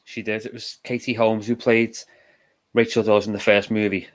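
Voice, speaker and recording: A young man with a Liverpool accent, co-hosting a casual film discussion and explaining his views in a measured, thoughtful way. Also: lowish voice, flat delivery. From England. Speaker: co-host.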